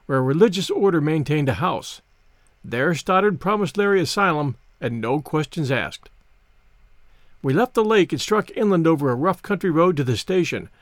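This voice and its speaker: A man narrating an old novel in a measured, literary first-person reading. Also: a little high, no room sound, clean studio sound. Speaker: audiobook reader. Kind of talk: scripted narration.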